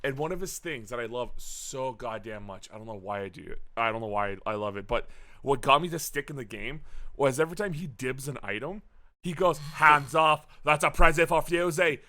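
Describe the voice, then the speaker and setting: A man co-hosting a casual gaming podcast, talking in an animated way, swearing freely and filling his talk with "uh" and restarts. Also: medium pitch, brisk. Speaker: podcast co-host.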